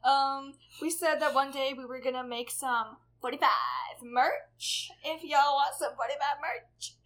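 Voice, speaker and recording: A woman's voice: high voice, unhurried, a bit bright. A teenage woman co-hosting a podcast in casual chat, giggly and rambling, swearing freely. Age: late teens. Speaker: podcast co-host.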